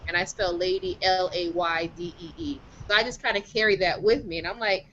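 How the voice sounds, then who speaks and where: A woman on a casual group call, lively and outspoken, and quick to laugh. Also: fairly low pitch. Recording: dull call audio with faint noise.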